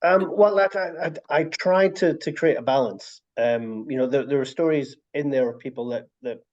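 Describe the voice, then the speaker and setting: A man's voice: medium pitch, moderate pace. A man telling stories in a casual video call chat, with many restarts. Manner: warm storytelling, frequent restarts. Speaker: author and story collector. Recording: dull lo-fi video call audio.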